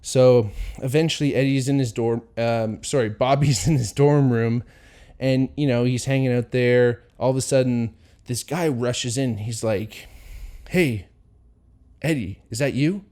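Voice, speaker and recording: A man hosting his own podcast, telling a story casually at a middle pitch. He rambles with plenty of "you know" and "um", and he slips into quoted voices with small chuckles. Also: fairly even intonation, measured pace, dark tone. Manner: rambling, many fillers, acts out quotes with chuckles. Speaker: podcast host.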